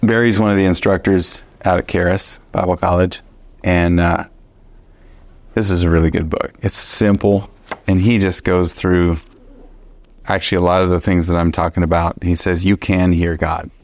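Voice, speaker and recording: A man teaching a Bible study, telling a personal story in an animated, conversational way with many fillers and restarts. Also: sits low, moderate pace, no echo.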